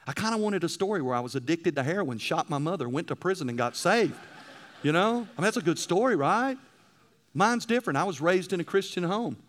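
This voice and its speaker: A male preacher delivering a sermon, telling stories and swinging between loud emphasis and hushed passages. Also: high-pitched, animated, brisk.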